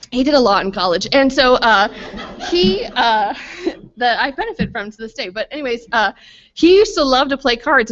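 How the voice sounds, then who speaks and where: A woman's voice: fairly high pitch, fairly bright tone. A woman in her thirties speaking at a family retreat, chatty and self-deprecating, full of fillers and asides. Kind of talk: casual faith talk with stories. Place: school retreat hall. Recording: slightly muffled lo-fi recording.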